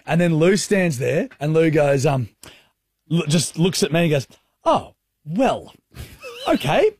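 A man's voice: a little high, moderate pace, a little mellow, a little hiss or hum. A man co-hosting a radio show, teasing and laughing a lot in casual banter. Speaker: radio host.

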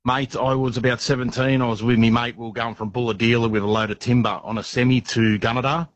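Man, Australian accent, radio caller, rambling storyteller, fast, dull phone line. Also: mid-range voice, little pitch movement, no echo.

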